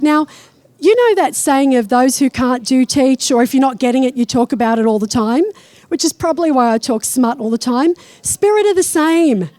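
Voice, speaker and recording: Blunt high-voiced woman medium on stage. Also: mellow, no room sound. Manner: blunt and irreverent, swears freely. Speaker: psychic medium. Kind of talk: stage talk with live readings. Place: stage before a live audience.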